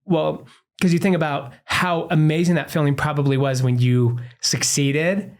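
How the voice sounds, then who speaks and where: A man who is a functional medicine doctor co-hosts a podcast, speaking earnestly in a casual interview and explaining things through analogies. His voice is on the high side with fairly even intonation, at a moderate pace.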